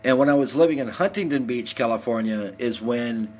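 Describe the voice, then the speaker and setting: A man's voice: mid-range voice, fairly quick. A man in his forties from Texas, hosting a heated, profane rant on his live stream. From El Paso, Texas. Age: 40s. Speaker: livestream host.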